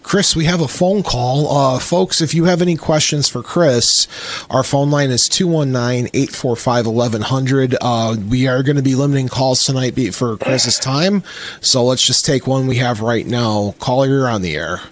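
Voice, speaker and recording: A man's voice: medium pitch, moderate pace. A man hosting a talk show in a plain way, taking phone calls and passing them on to his guest. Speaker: radio show host.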